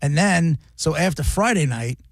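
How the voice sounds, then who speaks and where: A male radio host chatting casually, recapping news stories with quick asides. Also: on the high side, lively intonation, no echo. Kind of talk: casual talk radio chat. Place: radio studio. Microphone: studio mic.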